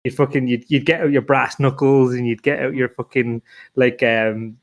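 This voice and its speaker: A man's voice: mid-range voice, fairly even intonation, moderate pace. A man co-hosting a casual podcast, joking and laughing often and acting out silly voices in his stories. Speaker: podcast co-host. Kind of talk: casual chat.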